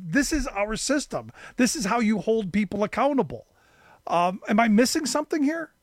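A man's voice: high voice, animated, moderate pace, no room sound. A man hosting a talk radio show, frank and conversational, who stumbles and restarts as he talks. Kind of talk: casual talk radio interview.

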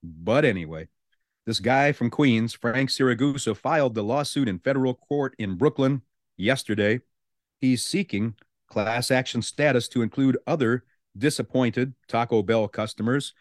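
A male morning radio host chats casually into a studio mic and reads the news, tossing in amused asides. His voice is mid-range at a moderate pace, and the recording is dry.

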